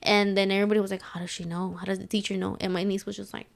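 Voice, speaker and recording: A woman co-hosting a podcast in casual chat, supportive and quick to agree. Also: mid-range voice, flat delivery, gravelly. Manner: supportive, frequent agreeing backchannels. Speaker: podcast co-host.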